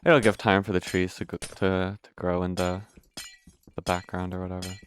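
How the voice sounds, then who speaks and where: A man's voice: low-pitched, level tone, normal speed, slight background noise. A young man giving casual, rambling gameplay commentary, hiccuping now and then, correcting himself and swearing offhand. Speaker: gameplay video host.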